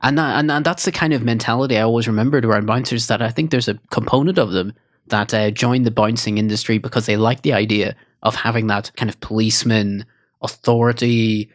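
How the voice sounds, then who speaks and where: A man's voice: mid-range voice, fairly even intonation, a little fast, no room sound, clean studio sound. A man co-hosting a podcast, chatting casually and acting out movie lines in a raised voice. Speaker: podcast co-host. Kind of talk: casual chat.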